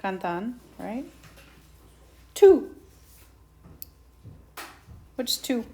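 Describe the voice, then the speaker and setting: A woman teacher, slowly and patiently walking students through a Spanish lesson and asking them questions. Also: medium pitch. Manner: slow patient explaining, asks students questions. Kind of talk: recorded whiteboard lesson. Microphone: tablet mic.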